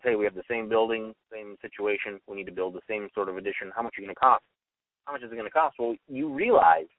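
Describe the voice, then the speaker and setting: Fast-talking young man on a tinny line. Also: medium pitch, no room sound, recorded from a distance. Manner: argumentative, acts out quoted voices. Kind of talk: opinionated solo monologue. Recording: tinny phone-line sound from off-mic.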